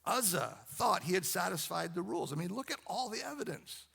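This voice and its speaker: Man, pastor, sermon, high voice, gravelly, repeats phrases for emphasis. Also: big pitch swings, brisk, bright, forceful tone.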